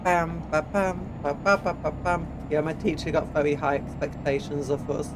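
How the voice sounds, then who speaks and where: High-voiced sniffly English male streamer. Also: level tone, normal speed. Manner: chatty, reads chat aloud, hums little tunes while driving. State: sniffly from hay fever. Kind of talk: casual gameplay live-stream chat. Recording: game truck engine noise underneath.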